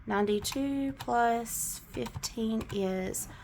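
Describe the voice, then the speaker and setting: A woman's voice: a little high, slow, darkish tone, slight background noise. Southern woman, middle-aged, chatty budgeting vlogger, counts cash aloud, slight cough. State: coughing now and then. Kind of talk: casual talk to camera while counting cash.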